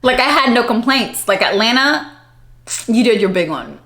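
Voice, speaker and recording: A young adult woman vlogging, telling a story in a chatty, animated way and laughing often. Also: on the high side, moderate pace. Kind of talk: casual storytelling vlog.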